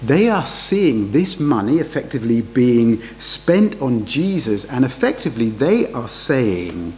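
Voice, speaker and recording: A man preaching a sermon, his voice lively and full of rhetorical questions. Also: mid-range voice, a little slow, low-quality recording.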